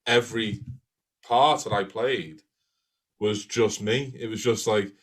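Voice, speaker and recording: A man's voice: fairly low pitch, slow, fairly bright tone, rough recording. Laughing Scouse man co-hosting. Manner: laughing, self-deprecating storyteller. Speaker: podcast co-host. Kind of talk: casual panel chat.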